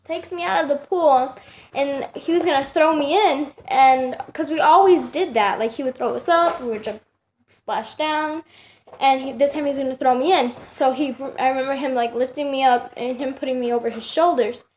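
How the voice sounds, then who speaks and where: A woman's voice: high voice, moderate pace, slight background noise. A young woman vlogger telling a story in a casual, rambling way, with many fillers and restarts.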